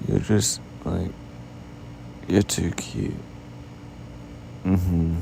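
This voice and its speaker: A tired man yawning constantly while speaking softly and sweetly as a doting boyfriend in a whispered role-play, drifting into whispers. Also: sits low, sing-song, very slow, creaky, pauses often, slight background noise, low-quality recording. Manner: soft-spoken, affectionate, drifting into whispers.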